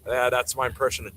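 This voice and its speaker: A man's voice: medium pitch, fairly bright tone, poor audio. A man ranting bluntly and sarcastically during casual livestream commentary. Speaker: streamer.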